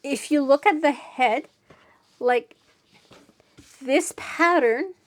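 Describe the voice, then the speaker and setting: Woman, crafting host, casual review, frank and repetitive, high voice, slow pace. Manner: frank, exasperated, repeats herself.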